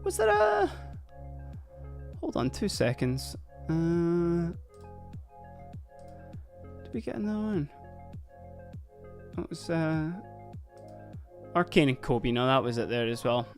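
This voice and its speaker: A man's voice: on the high side, big pitch swings, slow pace, creaky, pauses often, soft background music. A young man with a Dundee Scottish accent, chatting casually with his stream while painting, laughing often and dropping Scottish slang. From Dundee, Scotland. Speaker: livestream host painting miniatures. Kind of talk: casual streaming chat with viewers.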